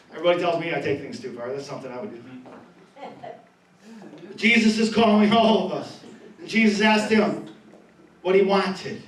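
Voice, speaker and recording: A male pastor preaching with a high voice, reading a passage and then hammering the same phrases again and again. He sounds set back from the microphone in a roomy, echoing church. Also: animated, moderate pace, pauses often. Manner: emphatic, repeats key phrases, reads scripture then preaches. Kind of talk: sermon. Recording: echoey room, voice from a distance.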